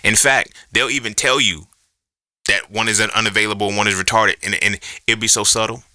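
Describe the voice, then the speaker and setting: A man hosting his own podcast talks straight through an unscripted monologue. His voice sits low but has a hard, pressing edge. He swears freely and keeps firing rhetorical questions, and the sound is dry with almost no room around it. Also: fairly even intonation, brisk, bright, forceful tone, dry recording. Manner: profane, emphatic ranting with rhetorical questions. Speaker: podcast host.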